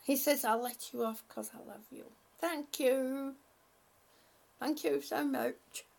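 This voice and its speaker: A woman hosting a livestream, chatting haltingly and affectionately with her viewers, often restarting her sentences. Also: high voice, creaky, darkish tone. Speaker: livestream host. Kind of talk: casual livestream chat with viewers.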